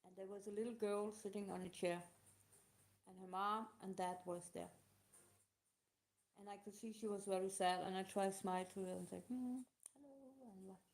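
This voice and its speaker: Emotional woman answering questions, halting. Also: medium pitch, level tone. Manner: halting, emotional, non-native phrasing. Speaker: live show host. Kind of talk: casual live talk answering questions.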